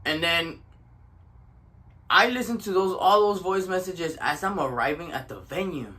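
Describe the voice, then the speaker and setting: A man's voice: high voice, expressive, a little slow, sharp tone. A tired young man, telling a story in a casual, profane rant that switches between English and Spanish. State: tired from little sleep.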